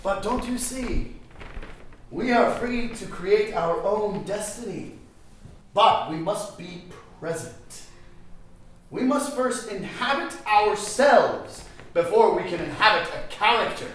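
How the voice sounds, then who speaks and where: Man playing a grandiose acting teacher, high voice, roomy distant sound. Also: expressive, slow pace, a bit bright, a little hiss or hum, full character voice. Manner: grandiose, theatrical lecturing. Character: pompous self-important male acting guru.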